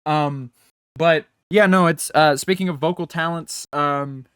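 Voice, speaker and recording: A man's voice: fairly high pitch, unhurried, a bit bright, clean tone, no room sound, clean studio sound. A young man co-hosting a casual podcast, rambling along with repeated words and lots of "like" fillers, talking into his own mic over a remote call. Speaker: podcast co-host. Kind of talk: casual chat.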